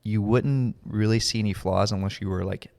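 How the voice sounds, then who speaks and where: A man's voice: lowish voice, steady tone, normal speed, gravelly, darkish tone, in a large hall. A young man co-hosting a podcast in casual chat, rambling with lots of fillers and self-deprecating asides. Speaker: podcast co-host.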